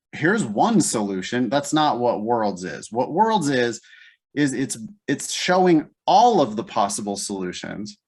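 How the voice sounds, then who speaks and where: A man leading a live test-prep class, thinking aloud step by step in a casual way. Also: medium pitch. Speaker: LSAT teacher.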